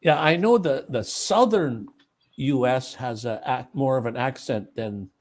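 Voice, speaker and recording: An easygoing man hosting a relaxed chat, speaking slowly at a middle pitch. He laughs along readily with his guest. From Canada. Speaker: host. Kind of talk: casual conversation.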